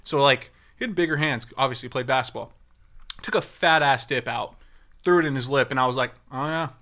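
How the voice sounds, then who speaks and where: A young man with a bright, forward voice, telling a story in loose casual chat. He acts out what people said as he goes and swears freely, all at an ordinary middle pitch. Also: a little fast. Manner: animated storyteller acting out quotes, swears freely.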